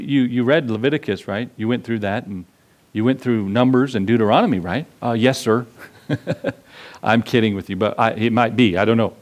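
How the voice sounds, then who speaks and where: A man preaching a sermon as pastor, asking the congregation questions and acting out little asides. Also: on the high side.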